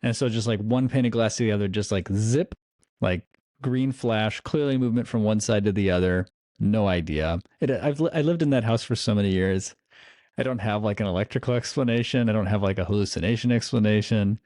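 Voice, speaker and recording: A man runs a tabletop game, chatting and narrating in loose, rambling sentences full of fillers. His voice is on the low side, and the recording is dry and close. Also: fairly quick, dry recording. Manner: rambling, filler-heavy, animated. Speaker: game master. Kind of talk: casual chat and game narration.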